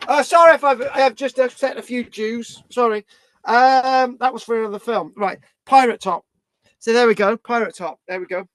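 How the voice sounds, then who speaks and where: Rambling high-voiced British man. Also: steady tone, normal speed, no echo. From Britain. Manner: rambling and scattered, swearing, tagging lines with "right?". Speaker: vlogger. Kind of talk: rambling casual vlog.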